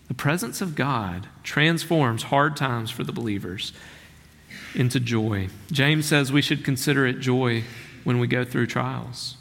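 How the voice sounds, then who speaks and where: A man preaching from the pulpit at a medium pitch. He is earnest and emphatic, often dropping to a slow, hushed delivery on the lines that matter. His voice rings out with a long hall reverb. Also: gravelly. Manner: earnest, emphatic preaching with slowed, softened key phrases. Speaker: pastor. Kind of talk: sermon.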